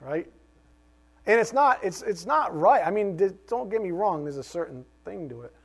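A middle-aged male pastor preaching a sermon, animated, with rhetorical questions and joking asides. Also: high-pitched, moderate pace, breathy edge.

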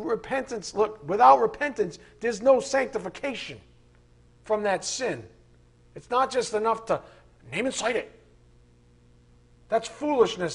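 A man preaching a sermon, emphatic and animated, with mocking asides. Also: high voice, husky.

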